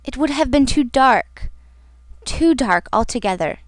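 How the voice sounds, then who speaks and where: A woman narrating a classic novel as an audiobook in a measured, dramatic reading. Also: sits high, lively intonation, dry recording. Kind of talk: scripted narration.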